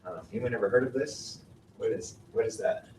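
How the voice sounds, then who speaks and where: A male mountaineering instructor talks fairly quickly in a mid-range voice while teaching a class about glaciers. He quizzes students and patiently walks them through ideas. The recording has a distant mic, roomy acoustics, and faint noise.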